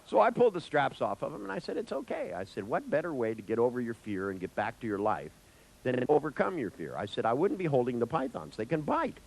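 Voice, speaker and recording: A man telling an anecdote in a lecture, acting out the voices with big jumps in pitch, swearing now and then and laughing at his own tale. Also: very animated, fast talker, creaky, low-quality recording. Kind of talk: storytelling in a lecture.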